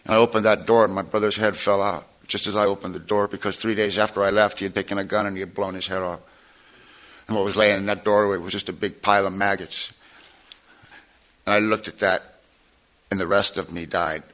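A man with a bright, forceful voice gives his personal testimony to a meeting. He speaks plainly and informally, in a folksy storyteller's way with touches of wry humor. He sounds middle-aged, like someone who has talked to rooms of people before. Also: fairly low pitch, little pitch movement, a little fast, rough recording.

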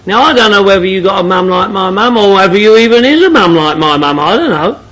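A middle-aged man with a strikingly high voice tells his story to a meeting room crowd. He is blunt and joking, swears freely and laughs through his lines. His tone is bright and sharp. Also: expressive, quick pace, rough recording. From London, England. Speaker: speaker sharing at a recovery meeting. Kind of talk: comic storytelling to a group.

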